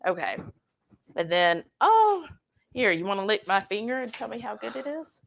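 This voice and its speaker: A woman co-hosting a cooking livestream from a home kitchen, chatty and excitable, bantering as she cooks. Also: medium pitch, normal speed, vocal fry, highs cut off. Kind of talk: casual livestream cooking chat.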